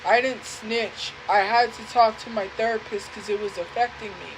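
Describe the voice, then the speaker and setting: Earnest, halting young woman, fairly high voice. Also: steady tone, noisy background. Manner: earnest, halting, repeats herself. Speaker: livestream host. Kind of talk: emotional personal storytelling.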